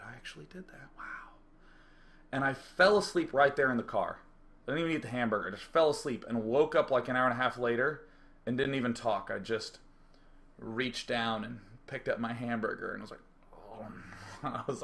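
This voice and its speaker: A man with a mid-range voice tells a casual, profane story, acting out how he reacted at the time. When he relives the aftermath, he drops into quiet muttering.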